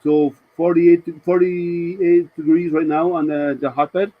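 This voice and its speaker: A man's voice: a little high, flat delivery, slow pace, no room sound, phone-quality sound. A man hosting a casual live stream, chatting to viewers and answering their comments with rambling, hesitant talk.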